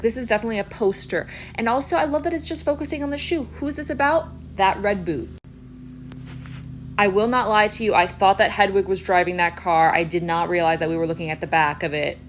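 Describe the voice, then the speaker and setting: A woman's voice: medium pitch, moderate pace, slight background noise. A young woman giving comedic reaction commentary, wry and playful, full of sarcastic asides. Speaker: YouTuber.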